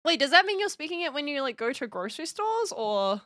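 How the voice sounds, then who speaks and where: Bright, giggly Australian young woman. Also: high voice, very animated, a little fast, no room sound, studio quality. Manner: giggly, teasing. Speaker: stream host. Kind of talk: casual chat.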